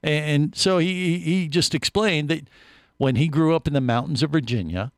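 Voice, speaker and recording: Man, radio host, casual studio banter, animated storyteller, dry close sound. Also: on the high side, normal speed, dry recording. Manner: animated storyteller, many restarts.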